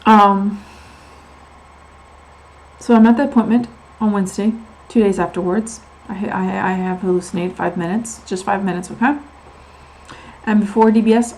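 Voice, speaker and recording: In a vlog, a woman candidly tells the story of her medical experience, confiding and emphatic, repeating words for stress and drifting into tangents. Her mid-range voice has vocal fry and a measured pace, and the recording is low quality.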